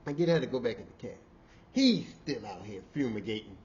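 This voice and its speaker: A man hosting a podcast, telling a work story in a casual, animated, profane way and often repeating himself. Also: medium pitch, a little fast, lo-fi sound, a little hiss or hum. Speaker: podcast host.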